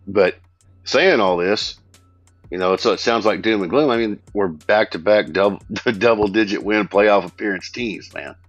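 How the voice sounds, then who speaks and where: A man's voice: lowish voice, no room sound, dull audio, soft background music. A man from Texas guesting on a sports podcast, blunt and joking in casual chat. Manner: blunt, joking, drawn-out complaints.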